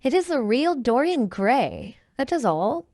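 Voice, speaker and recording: A woman's voice: high-pitched, sing-song, measured pace, mellow, no room sound, studio quality, pitched above the performer's own voice, full character voice. A woman voicing a witty, cynical aristocrat who speaks in an amused, teasing manner. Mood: dismissive.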